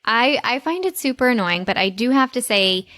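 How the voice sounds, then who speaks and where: A woman's voice: fairly high pitch, lively intonation, normal speed, a bit bright, no room sound. A woman co-hosting a podcast in casual chat, upbeat and eager to share fun facts. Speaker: podcast co-host.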